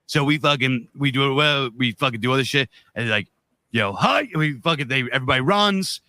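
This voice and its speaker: This man co-hosts a podcast, his mid-range voice fast, bright and forceful on a dry recording. He tells a long story in a loose, profane, rambling way.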